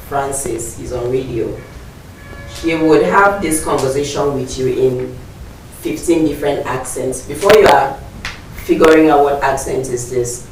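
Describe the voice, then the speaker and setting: Nigerian man, audition judge. Emphatic coaching voice, drops into pidgin and mimes scenarios. Mid pitch, picked up far off in a boomy room with steady background noise. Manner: emphatic, mixes in pidgin, acts out scenes. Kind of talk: animated coaching talk. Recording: roomy, distant, noisy.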